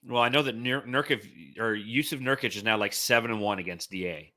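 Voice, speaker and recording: A man with a bright, forceful voice co-hosts a casual sports podcast. He talks in energetic, upbeat bursts. The sound is dry and close, with no room around it. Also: lowish voice, a little fast, no echo. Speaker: podcast co-host.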